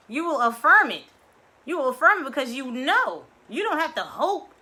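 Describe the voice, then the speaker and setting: A woman's voice: high-pitched, big pitch swings, moderate pace, bright, forceful tone. A woman leading guided breathing and a motivational talk in a live virtual session, effusive and chatty with lots of "you know". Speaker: affirmation and mindset teacher leading a weekly online session.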